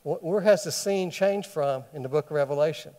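A man's voice: fairly high pitch, fairly quick, mellow. A man teaching a Bible study sermon who keeps asking the listeners questions and then answers them himself. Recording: long hall reverb.

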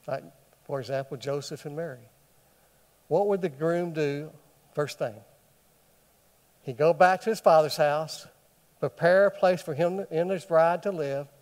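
A man's voice: a little high, darkish tone. Man teaching scripture in a reverberant hall. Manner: asks the listeners questions and answers them himself. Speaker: bible teacher. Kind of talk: bible study sermon.

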